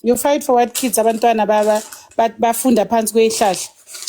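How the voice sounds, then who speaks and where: A South African woman arguing forcefully in a heated online discussion, switching between English and isiZulu. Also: fairly high pitch, steady tone, a little fast. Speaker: activist speaker.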